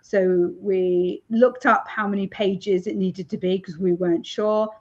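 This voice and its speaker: A woman author chatting in an interview, laughing often and filling pauses with ums. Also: medium pitch, fairly even intonation, darkish tone. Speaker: romance author, interview guest. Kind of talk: casual interview chat. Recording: dull lo-fi sound.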